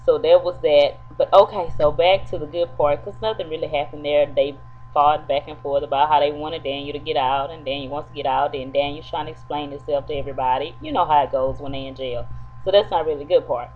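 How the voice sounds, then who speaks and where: A woman's voice: sits low, steady tone, brisk, soft background music. A woman in a casual, chatty soap opera episode recap, talking straight to her viewers. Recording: dull lo-fi with faint hum.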